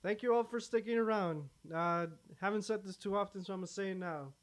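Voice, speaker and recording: A man's voice: high voice, brisk. A young man hosting a casual let's-play, laid-back and swearing freely. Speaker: gaming channel host.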